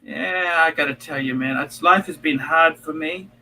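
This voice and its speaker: A man's voice: fairly high pitch, normal speed, pushed and bright, a little hiss or hum, poor audio. A middle-aged man hosting a livestream while drunk, rambling, swearing and getting emotional. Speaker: livestream host.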